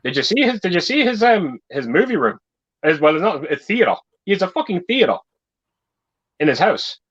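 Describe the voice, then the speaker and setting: Bright-voiced man on dull audio. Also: high-pitched, very animated, a little fast, breathy edge. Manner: rambling storyteller, repeats words. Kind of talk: casual livestream chat.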